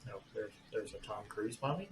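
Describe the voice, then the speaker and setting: A man's voice: on the low side, expressive, brisk. A man at a tabletop game tossing in short joking quips. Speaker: player. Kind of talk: casual tabletop game chat. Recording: distant from the mic, faint hiss.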